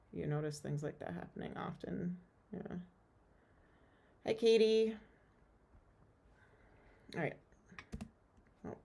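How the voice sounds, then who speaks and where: A woman's voice: low-pitched, vocal fry. A woman host chatting casually on a live stream, loose and giggly, with plenty of fillers. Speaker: host and tarot reader.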